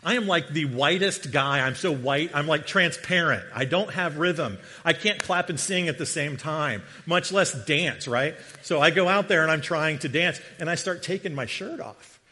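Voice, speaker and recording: Middle-aged guy preaching, kinda high voice, telling a funny story, long echo from the sanctuary. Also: moderate pace, few pauses, slightly rough. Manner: animated storyteller, jokey asides. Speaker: guest preacher. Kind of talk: sermon with humorous personal story. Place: church sanctuary. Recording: long reverb of a large hall.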